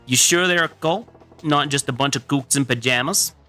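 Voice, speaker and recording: A man's voice: mid-range voice, normal speed, sharp tone, faint music behind, lightly acted. A man doing a swaggering one-eyed thug with a Boston-style accent. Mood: brash. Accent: Boston-style put-on.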